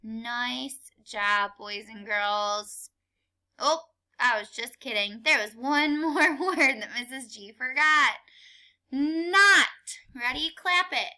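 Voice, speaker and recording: A woman teaching a class of small children, speaking very slowly and clearly with a bright, sharp tone. She drills counting and spelling in a playful, sing-song way, praising often. Her voice sits fairly high. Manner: encouraging, playful. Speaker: kindergarten teacher. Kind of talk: slow calendar lesson for young children.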